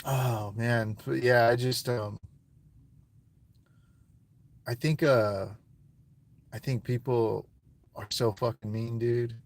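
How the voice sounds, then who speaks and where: A man in a candid street interview, emotional and near tears, talking in halting bursts with repeated words and heavy swearing, outdoors on a street. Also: mid-range voice, fairly even intonation.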